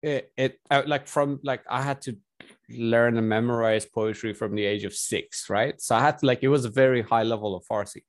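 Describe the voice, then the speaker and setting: A man's voice: mid-range voice, steady tone, moderate pace, no echo. A young man from Iran chatting casually, rambling and joking, often breaking off mid-sentence. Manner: rambling, self-interrupting, joking. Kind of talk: casual chat.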